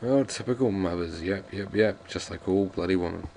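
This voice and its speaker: Man, deep low voice, jokey rambling game commentary, faint hiss behind. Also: moderate pace, vocal fry, a little mellow. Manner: rambling, jokey, restarts often. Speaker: let's play commentator. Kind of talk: casual gameplay commentary, reading game text aloud.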